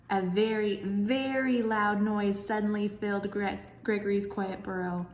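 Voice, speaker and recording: A woman librarian leading a children's story time, reading a picture book aloud in a lively way. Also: mid-range voice, a little slow. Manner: animated, cheerful with children. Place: in front of a green screen. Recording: roomy echo, faint music.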